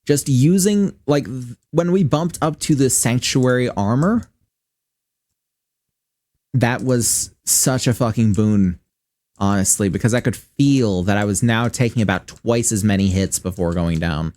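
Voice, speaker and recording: A man's voice: medium pitch, a little slow, darkish tone, no echo. Profane, rambling Midwestern man streaming. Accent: general American Midwestern. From Michigan, US. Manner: rambling, profane, thinking aloud. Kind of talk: casual gaming stream commentary.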